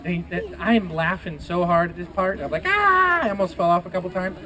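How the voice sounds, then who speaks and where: A high-voiced man spins a playful adventure tale for a festival crowd, gasping and throwing in whooshes and splashes as he goes. The recording is outdoors with plenty of background noise. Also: quick pace. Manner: lively, gasping, sound effects, quoting voices. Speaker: festival storyteller. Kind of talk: animated storytelling to a live audience. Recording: noisy outdoor live recording.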